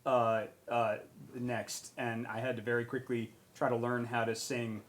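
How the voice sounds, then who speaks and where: A man's voice: medium pitch, measured pace. A young man on a charity stream panel, casually telling a story and acting out bits of it. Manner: animated, acts out quotes with raised voice.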